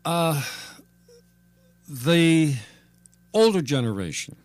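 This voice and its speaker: Radio host guy, chatty and wry, kinda high lively voice, dry close sound. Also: drawn-out words, no room sound. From Ireland. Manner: chatty, wry, animated questioning. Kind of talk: casual radio chat.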